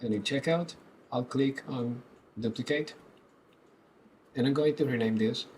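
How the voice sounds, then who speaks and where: Man calmly explaining a coding walkthrough. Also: medium pitch, a little hiss or hum, rough recording. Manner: calm, step-by-step explaining. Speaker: tutorial presenter. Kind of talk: screen-recorded coding tutorial.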